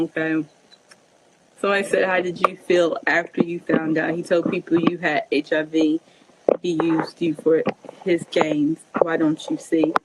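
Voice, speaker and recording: A woman's voice: on the low side, very noisy. A woman vlogger answering viewer questions in a casual Q&A, telling a personal story and acting out the dialogue as she goes. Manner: animated, acts out quoted dialogue.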